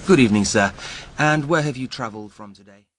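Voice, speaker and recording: A man's voice: medium pitch, fast, dry recording, close to an everyday voice. An actor playing a courteous male immigration officer who asks formal questions in a scripted scene.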